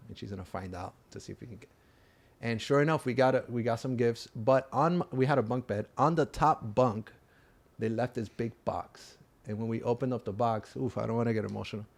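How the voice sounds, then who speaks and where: A man's voice: on the low side, vocal fry. Rambling man on a casual podcast. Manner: rambling, self-interrupting, gets emotional. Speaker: podcast co-host. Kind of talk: casual chat.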